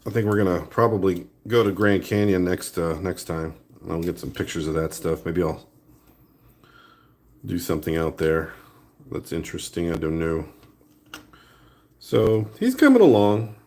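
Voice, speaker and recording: An art vlogger with a lowish voice talks through his sculpting work in a casual video recorded on a new phone. He speaks a little slowly with long pauses, rambling in a relaxed, offhand way like someone busy with his hands.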